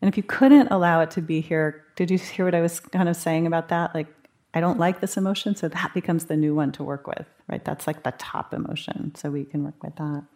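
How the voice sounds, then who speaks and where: A woman with a fairly low voice teaches meditation to a retreat group in a meditation hall. She talks in a loose, conversational way and slips into animated quoted asides to show inner thoughts. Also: fairly quick. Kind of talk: guiding a live retreat group.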